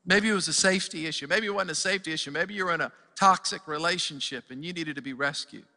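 Male pastor, energetic sermon delivery, crisp bright tone, long church reverb. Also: a little high, fast. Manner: energetic storytelling with many restarts. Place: church sanctuary.

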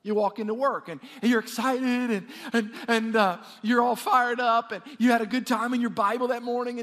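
Pastor, male, high voice, energetic preaching with call-and-response, long hall reverb. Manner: energetic, repeats words, asks the congregation to respond. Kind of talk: sermon. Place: church sanctuary.

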